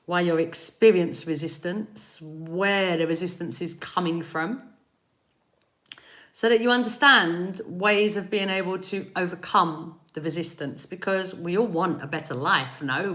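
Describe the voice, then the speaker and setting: Her voice sits on the low side with a slight brightness, and her accent is East London. She's a spiritual reader and energy healer answering comments on a live stream, rambling and laughing while she welcomes viewers by name.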